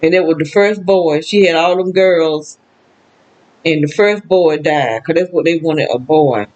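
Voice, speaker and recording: A woman's voice: low-pitched, a little slow, a little mellow, poor audio. An older woman with a Southern US accent talking alone to the camera in a rambling, emotional way, feeling sad. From American South. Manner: rambling, emotional, with frequent laughs and exclamations. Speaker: vlogger. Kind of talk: casual personal monologue.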